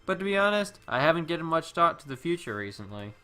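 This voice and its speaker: A man's voice: on the high side, sing-song, quick pace, pushed and bright, soft background music. A man co-hosting a let's play, reading visual novel dialogue in a laid-back, hesitant way.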